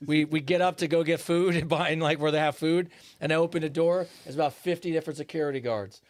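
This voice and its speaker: A man's voice: fairly high pitch, steady tone, fast, no room sound. A man co-hosting a casual chat show, telling loose, laughing anecdotes with some profanity. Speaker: podcast co-host.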